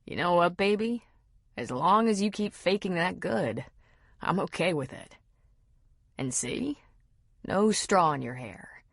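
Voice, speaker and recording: A woman voicing a teasing, tender young husband in an audiobook, with a husky voice. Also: animated, unhurried, long pauses, dry recording, clean studio sound, heavily acted. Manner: playful, low teasing.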